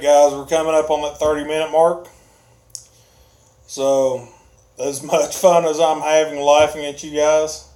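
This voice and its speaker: Guy on a livestream, bit high voice, takes his time, keeps chuckling at the chat. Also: darkish tone. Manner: chuckles often while reading comments aloud. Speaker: livestream host reading chat. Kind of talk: casual live-stream chat.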